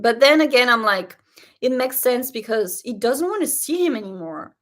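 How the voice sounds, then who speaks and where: Animated woman recapping a show episode. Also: fairly high pitch, moderate pace. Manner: animated, indignant, talks to viewers directly. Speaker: show reaction host. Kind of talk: casual reaction commentary.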